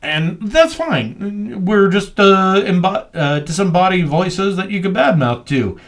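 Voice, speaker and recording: A man co-hosting a podcast in casual chat, telling stories in a rambling, animated way with lots of fillers. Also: sits high, measured pace. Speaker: podcast co-host.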